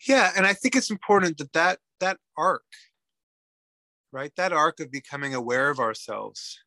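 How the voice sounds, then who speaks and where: A man from Canada, a psychotherapist guest, musing in an animated way and often checking in with "right?". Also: fairly high pitch, moderate pace, no room sound. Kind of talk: reflective conversational interview.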